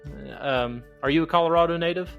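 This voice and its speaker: A man's voice: a little high, brisk, gravelly, muffled recording, faint music behind. A man with a Southern Ohio accent hosting a podcast, chatty and friendly, laughing often. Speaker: podcast host. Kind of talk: casual podcast interview.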